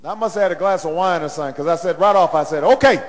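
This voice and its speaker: A man's voice: on the high side, racing. A middle-aged man, a presidential candidate, giving a campaign rally speech. He tells a story that builds into call-and-response chanting. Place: large indoor arena. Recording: long reverb of a large arena.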